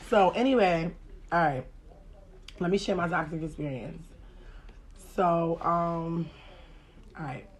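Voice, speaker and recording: A woman's voice: on the low side, takes it slowly, long pauses. A woman, telling a podcast story. She talks casually and profanely, full of slang. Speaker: podcast host.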